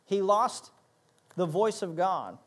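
A man's voice: high voice, lively intonation, slow, a bit bright. A man pastor preaching a sermon, emphatic, repeating key phrases and acting out little asides.

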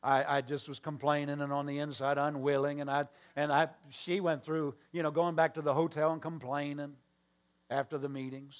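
Storytelling male pastor, slightly high voice. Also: little pitch movement, normal speed. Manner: storytelling with acted-out dialogue and call-and-response asides. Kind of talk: sermon.

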